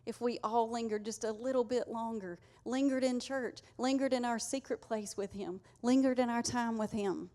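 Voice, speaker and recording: A woman's voice: on the high side, steady tone, normal speed, few pauses, warm tone. Earnest woman preaching. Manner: conversational, earnest, uses y'all. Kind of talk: sermon.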